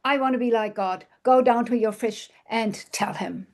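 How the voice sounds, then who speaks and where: A woman's voice: on the high side, moderate pace, a little mellow, natural voice. A woman voicing a power-hungry wife who gives her husband orders in an insistent tone. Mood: commanding. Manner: commanding and insistent. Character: greedy, power-hungry wife demanding to be God.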